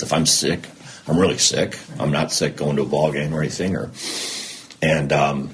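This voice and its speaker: Middle-aged guy on a podcast, low voice that swings all over, acts out old conversations, faint noise behind. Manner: animated storyteller who acts out remembered dialogue. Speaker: podcast guest. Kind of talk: candid personal interview.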